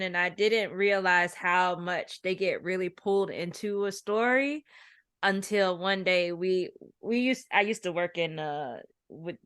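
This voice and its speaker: A woman's voice: lowish voice, a bit bright, no echo, studio quality. A woman co-hosting an interview, sharing a story conversationally. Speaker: podcast co-host.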